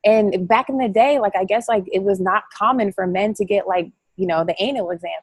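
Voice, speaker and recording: A woman giving a chatty, excitable motivational talk to her coaching team over a call, rambling and quick to laugh. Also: medium pitch, breathy edge, no room sound. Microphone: phone or call line.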